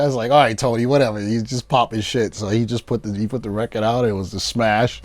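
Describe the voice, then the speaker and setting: A man, a producer guest telling animated stories and acting out his friends' lines in a casual interview. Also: medium pitch, fast, hardly any pauses.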